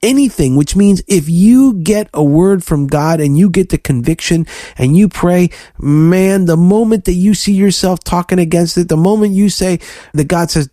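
Fervent preaching man, dark dry voice. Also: high-pitched, normal speed, no room sound. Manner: fervent, preachy, animated storytelling. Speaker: podcast co-host. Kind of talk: preaching on a faith podcast.

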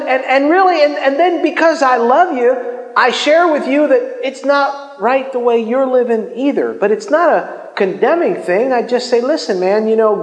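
Male preacher, high voice, loose and chatty delivery with stammered restarts; roomy hall with long reverb. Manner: casual, animated, with many stammered restarts. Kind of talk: informal sermon.

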